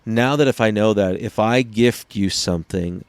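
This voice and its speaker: A man with a lowish voice talks through his ideas in an earnest, explaining way. It is a relaxed podcast conversation, and the sound is dry and close with no room around it. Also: moderate pace, smooth, no echo. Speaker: podcast co-host. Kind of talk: casual podcast chat.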